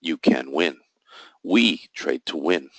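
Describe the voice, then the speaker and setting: Deep-voiced man coaching traders. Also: animated, slow pace, fairly bright tone, breathy edge, no echo, low-quality recording. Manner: explains step by step, asks and answers his own questions; emphatic, jokey asides. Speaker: trading instructor. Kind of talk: live trading session walkthrough.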